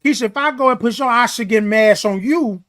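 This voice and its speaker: A man's voice: extremely high pitch, fairly quick, fairly bright tone. A middle-aged man hosting a morning live show, giving an emphatic, preachy pep talk that repeats key phrases and reads viewer comments.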